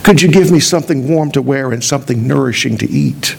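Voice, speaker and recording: A man's voice: medium pitch, fairly quick, gravelly, husky. A man voicing a poor old beggar who pleads in a weak voice, read within a sermon story. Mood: pleading.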